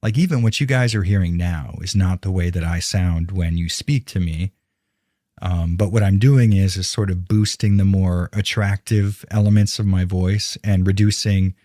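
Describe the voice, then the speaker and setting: A man with a low, warm voice rambles through a casual live stream from home, answering his chat and swearing freely. He speaks right into a dynamic broadcast mic, and the recording is dry.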